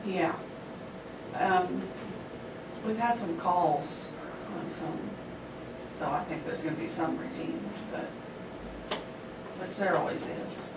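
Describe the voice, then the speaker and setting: A woman, a county official, calmly explaining procedures to a board at a public meeting. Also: on the low side, takes it slowly, long pauses. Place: meeting room. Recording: echoey room, distant mic, background noise.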